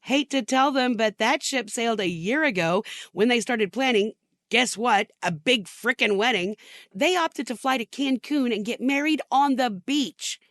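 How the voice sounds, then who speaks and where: A woman's voice: fairly high pitch, a little slow, fairly bright tone, dry recording, clean studio sound. Sardonic older mother of the bride. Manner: sardonic, exasperated. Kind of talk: comic dramatic monologue.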